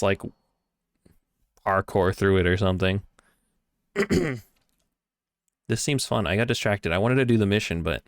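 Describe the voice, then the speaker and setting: A man streaming a video game, chatting casually, reacting excitably with swearing, laughter and mock-grand musings. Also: lowish voice. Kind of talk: casual gameplay commentary.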